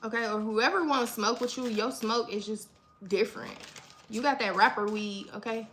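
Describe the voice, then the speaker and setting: A woman's voice: a little high, normal speed, fairly bright tone, a little hiss or hum. A woman giving a casual livestream reading, talking loosely and profanely and ending almost every line with "okay?". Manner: repetitive, keeps asking "okay?", profane. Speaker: livestream tarot reader.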